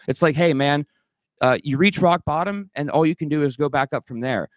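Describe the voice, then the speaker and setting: A man's voice: on the high side, fairly quick, dry recording. A man ranting heatedly as a livestream guest, swearing a lot and restarting his sentences. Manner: profane, agitated, rambling with many restarts.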